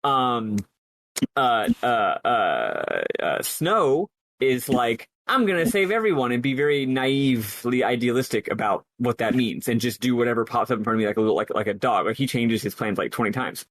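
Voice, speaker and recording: A man's voice: medium pitch, expressive, moderate pace, fairly bright tone, no echo. A man co-hosting a podcast, talking earnestly and at length about a game, thinking aloud with many restarts. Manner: earnest, analytical, rambling with restarts. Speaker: podcast co-host. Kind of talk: casual game discussion.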